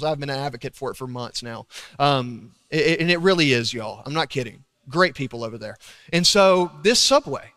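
A young man preaching a sermon, telling stories with loud emphasis and hushed asides. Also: sits high. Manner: animated storytelling, swinging between loud emphasis and hushed asides. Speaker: pastor. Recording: long reverb of a large hall.

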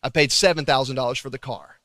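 Young preacher guy telling stories in a sermon, goes loud then real quiet, big echoey sanctuary. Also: medium pitch, quick pace. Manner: animated storytelling, swinging between loud emphasis and hushed asides. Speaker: pastor. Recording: long reverb of a large hall.

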